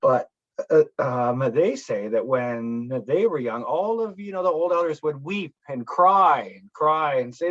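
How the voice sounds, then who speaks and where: A man's voice: on the high side, expressive, unhurried. Rambling man telling stories, dull sound. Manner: rambling, many fillers, acts out quoted voices. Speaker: guest speaker. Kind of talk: casual talk at a speaker panel.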